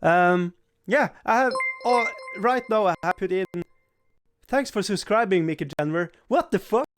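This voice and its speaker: High-voiced man chatting on a live stream. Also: measured pace, a bit bright, slight background noise. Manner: rambling, laughing, swears playfully. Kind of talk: casual live-stream chat.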